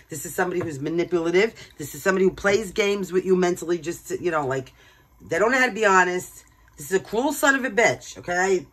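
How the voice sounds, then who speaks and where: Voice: mid-range voice, fairly bright tone, a little hiss or hum, low-quality recording. Blunt tarot reader. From Brooklyn, New York. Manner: blunt and emphatic, swears freely. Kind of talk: casual tarot card reading.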